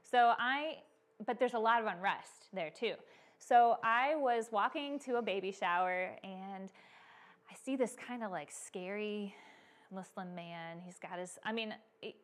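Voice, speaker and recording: A young American woman, a missionary, telling faith stories to a church audience in a lively storytelling manner with many fillers. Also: mid-range voice, a little slow. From United States. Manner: animated storytelling with frequent fillers. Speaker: missionary speaker.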